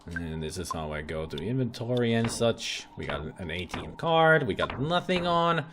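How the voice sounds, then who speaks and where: A man's voice: lowish voice, sing-song, moderate pace, noisy background. Playful man doing let's play commentary. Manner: playful, jokey, reads game text aloud. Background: game music.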